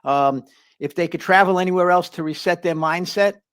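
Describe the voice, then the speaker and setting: A man's voice: sits high, normal speed, fairly bright tone, smooth, dry recording. A man with a Bronx accent hosting a live stream, chatty as he reads out where viewers are tuning in from. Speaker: host.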